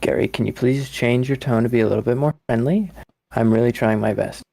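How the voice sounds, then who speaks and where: A man playing a clingy, creaky-voiced captor woman. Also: medium pitch, brisk, dark tone, no room sound, studio quality. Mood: pleading. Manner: pleading, coaxing. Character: lonely, clingy woman holding a friend captive. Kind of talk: live comedic script reading.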